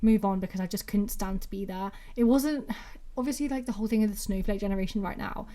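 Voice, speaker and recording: A woman in her twenties from England hosts her own solo podcast, chatting casually and rambling with constant "like" fillers. Her accent mixes Brummie and Mancunian, and her mid-range, mellow voice moves fast.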